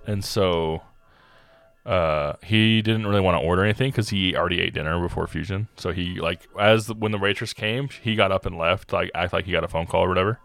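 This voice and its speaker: A man's voice: deep voice, brisk, gravelly, a bit bright, no room sound, soft background music. A young man co-hosting a casual podcast, retelling a story with slangy asides and lots of laughter. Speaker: podcast co-host.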